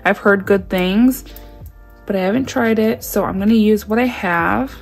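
A young woman chatting excitedly to her viewers while unboxing, gasping and gushing as she talks. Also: medium pitch, moderate pace, gravelly, faint music behind. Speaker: nail vlogger doing an unboxing. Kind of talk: excited casual unboxing chat.

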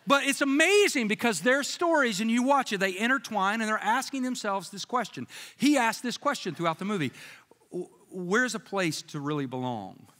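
A man preaching as pastor speaks at a normal speed in a voice that sits high. Recorded in a church sanctuary with long reverb, he spins animated stories, slips in jokes, and acts out the voices of those he quotes.

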